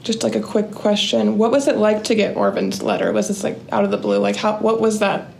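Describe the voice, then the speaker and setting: A woman interviewer whose voice carries a strong, gravelly fry. She feels her way toward a question with pauses and restarts. Faint background hiss sits under her voice. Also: medium pitch, lively intonation, a little mellow. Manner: hesitant, with many fillers and restarts.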